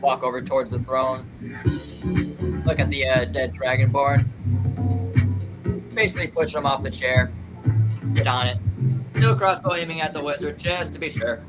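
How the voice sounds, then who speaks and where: A man's voice: medium pitch, normal speed, pauses often, over loud music, poor audio. Laid-back man playing a tabletop game. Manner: laid-back, laughing, describing his moves. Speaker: player.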